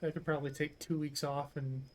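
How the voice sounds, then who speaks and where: A man's voice: on the high side, level tone, brisk. A young man streaming a game, chatting casually, rambling, and swearing freely. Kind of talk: casual chat while gaming.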